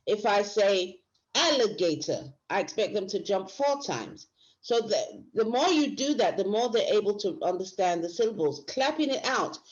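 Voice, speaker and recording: A woman's voice: mid-range voice, lively intonation, moderate pace. A woman teacher giving a workshop lecture, explaining step by step and often restarting her phrases. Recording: dull lo-fi recording.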